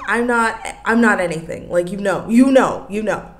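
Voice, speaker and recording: A woman's voice: mid-range voice, moderate pace. A young woman hosting a casual solo podcast, chatting with lots of likes and you-knows and laughing often. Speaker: podcast host.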